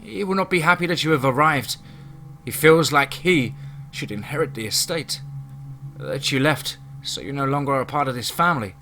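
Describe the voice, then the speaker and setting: A man voicing a scheming, elegant young woman in a horror story, speaking in a calm, formal, persuasive way. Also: fairly high pitch, normal speed, a little hiss or hum.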